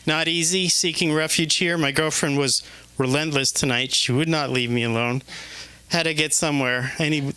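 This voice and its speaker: A man doing an open-mic stand-up set in a comedy club, talking in a halting, hesitant way with many restarts. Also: fairly high pitch, pushed and bright, clear, resonant tone.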